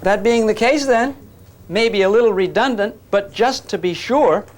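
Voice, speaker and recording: A man's voice: high-pitched, normal speed, noisy background. A man teaching physics to a class, joking and coaxing the students while he demonstrates. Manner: jokey, coaxing, calls students gang.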